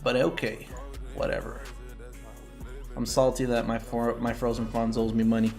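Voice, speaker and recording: A man's voice: medium pitch, flat delivery, normal speed, a little mellow, faint music behind. Profane young man hosting a trading livestream. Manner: loose, profane, bursts of laughter. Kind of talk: casual livestream chat with viewers.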